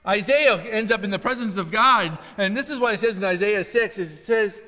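A man's voice: very high-pitched, lively intonation, a little fast, hardly any pauses, sharp tone, long reverb tail. A man preaching a sermon in a conversational, storytelling way, acting out the quotes he tells. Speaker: pastor.

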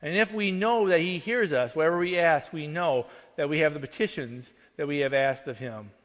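A pastor delivers his sermon in an earnest, conversational way, his voice sitting high for a man. He keeps checking in with the congregation with quick asides. The sound rings with the long reverb of a large hall. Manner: earnest, conversational preaching with frequent "right?" asides.

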